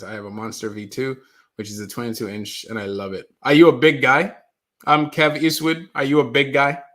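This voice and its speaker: A man's voice: on the low side, fairly bright tone. A man hosting a casual live stream from a basement, chatting with viewers, reading their comments aloud and apologizing when the stream freezes. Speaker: livestream host. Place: mother's basement.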